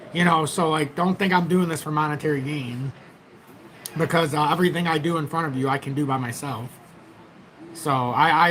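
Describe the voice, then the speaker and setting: Slight background noise sits under a man's fairly high, somewhat bright voice as he hosts a casual crypto livestream. Speaking directly to viewers through his tablet's built-in mic, he offers rambling, chatty market commentary.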